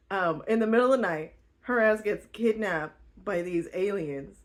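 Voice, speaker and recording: A woman's voice: medium pitch, normal speed, few pauses. A young woman hosting her channel, recapping a book in a slangy, chatty way, swearing freely and laughing often. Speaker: channel host.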